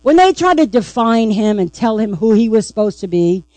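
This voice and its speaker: A woman's voice: a little high, very animated, moderate pace, a little mellow, no echo, poor audio. A woman pastor preaching a sermon, emphatic and repeatedly asking the congregation "right?".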